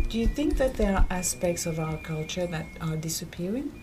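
A woman from Mauritius presenting a radio feature and asking calm, clear interview questions. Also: on the low side, fairly quick, hardly any pauses. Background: music.

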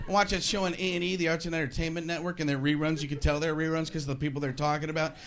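A man doing stand-up on a club stage, his voice pitched high and sarcastic as he spins animated stories. A crowd laughs loudly around him. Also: rapid-fire, few pauses. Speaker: stand-up comedian. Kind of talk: stand-up comedy. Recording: live club with audience laughter.

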